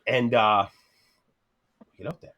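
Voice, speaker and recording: The recording cuts off the highs as a Canadian man in his thirties, a podcast guest with a fairly low voice, tells a story a little slowly. The casual chat stays animated, with constant swearing, laughter mid-sentence and acted-out quotes.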